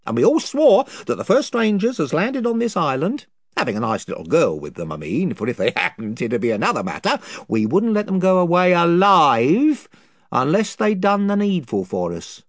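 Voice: medium pitch, big pitch swings, moderate pace, dry recording, clean studio sound, pitched above the performer's own voice. A reader voicing the rambling, folksy chief of a band of invisible creatures, who is both servile and threatening.

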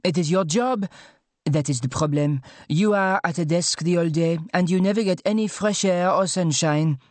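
A man's voice: sits high, no room sound, voice pushed up, close to an everyday voice. Man doing a nagging mum. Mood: scolding. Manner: brisk, dismissive, motherly nagging. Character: fussy French mother, middle-aged, scolding. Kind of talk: audiobook character voice.

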